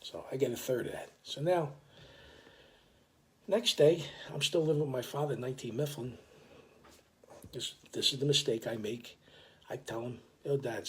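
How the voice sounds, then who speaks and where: An older man telling a story in a casual, animated, profane way, full of restarts. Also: medium pitch, creaky.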